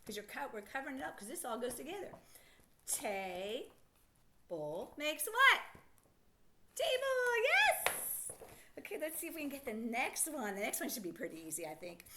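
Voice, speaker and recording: Woman, phonics teacher, encouraging, sounds words out, bright tone, very lively pitch. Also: slight background noise. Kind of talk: children's phonics lesson.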